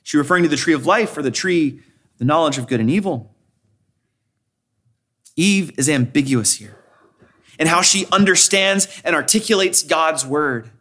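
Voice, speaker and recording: Male preacher, high voice, expository sermon with frequent scripture quotes and emphatic repeats. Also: lively intonation, moderate pace, long pauses, fairly bright tone. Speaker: pastor.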